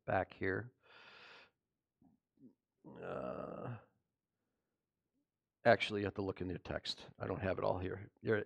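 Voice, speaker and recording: A pastor preaching a sermon, animated and mocking, firing rhetorical questions at his listeners. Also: lowish voice, slow pace, gravelly, long pauses.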